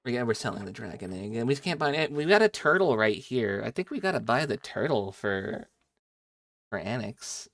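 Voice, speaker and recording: Young male streamer, mid-pitched, chatty and joking with chat over a dry headset mic. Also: very animated, moderate pace, fairly bright tone, dry recording. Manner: chatty and playful, reacting to chat as he plays. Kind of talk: casual live game-stream chat with viewers.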